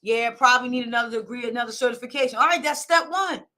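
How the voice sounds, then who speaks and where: A woman's voice: a little high, fast talker, sharp tone. A woman life coach and show host giving a blunt, emphatic motivational pep talk, repeating her points and demanding more of her listeners. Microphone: phone or camera, streaming live.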